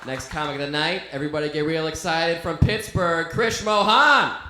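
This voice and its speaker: Loud comedy host hyping the crowd. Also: male voice, on the high side, moderate pace. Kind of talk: introducing comics. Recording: echoey room, noisy.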